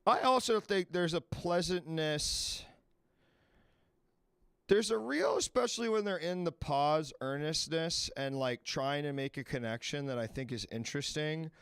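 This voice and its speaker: Male stream host, casual and rambling, smooth voice in a dry room. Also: on the high side, a little slow, fairly bright tone, dry recording. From Washington, D.C. area. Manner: loose, rambling, swears freely. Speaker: livestream advice show host. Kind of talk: casual live-stream chat.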